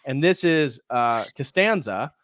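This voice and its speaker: A man's voice: mid-range voice, animated, unhurried, fairly bright tone, dry recording, clean studio sound. A man hosting a casual movie review on a live stream, retelling scenes and now and then acting out the characters' lines. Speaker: host.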